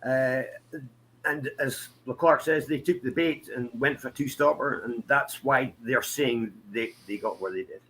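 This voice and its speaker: A man's voice: medium pitch, unhurried, fairly bright tone, slight background noise. A man guesting on a casual racing podcast, talking bluntly and swearing casually. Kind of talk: casual race chat.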